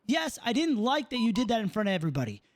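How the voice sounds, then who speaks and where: A man's voice: sits high, sing-song, fast. A man playing a proud, short-tempered male police lieutenant in a roleplay game, lecturing with swearing and repeated "okay?". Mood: stern lecturing. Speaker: roleplay character. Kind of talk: in-character roleplay argument.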